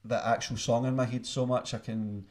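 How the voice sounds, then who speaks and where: A man's voice: mid-range voice, level tone, normal speed, darkish tone. A man with a Glaswegian accent, a singer-songwriter chatting casually between songs, rambling and self-deprecating. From Scotland. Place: home studio. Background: acoustic guitar.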